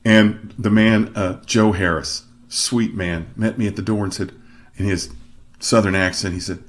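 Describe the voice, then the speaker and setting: A middle-aged male opera singer hosts his own show, telling the story of his career as a monologue. His speaking voice sits low, and he keeps it lively and self-deprecating, shifting his delivery for emphasis. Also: a little slow.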